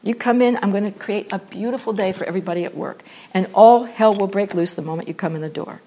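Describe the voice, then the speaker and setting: A woman giving a spiritual talk that ties meditation to acting, playful and animated, often dropping to a soft, slow voice for repeated phrases. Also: medium pitch. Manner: drops to soft, slow repetition when guiding meditation. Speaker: teacher.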